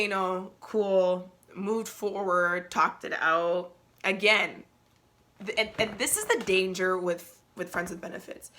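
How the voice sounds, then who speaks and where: A young adult woman hosting a podcast, telling a personal story in a candid, slangy, animated way. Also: medium pitch. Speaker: podcast host.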